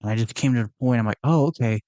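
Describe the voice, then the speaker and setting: A man's voice: fairly low pitch, little pitch movement, rapid-fire, dark tone, dry recording. A young man hosting his own podcast, talking through his thoughts in a casual, earnest, rambling way, with frequent fillers and restarts. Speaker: podcast host. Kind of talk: casual reflective monologue.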